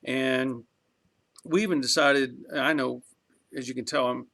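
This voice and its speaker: A middle-aged man hosts a garage channel, chatting casually on a live stream and rambling through viewer comments with chuckles. His medium-pitched voice is fairly even, a little slow, sharp in tone, with vocal fry.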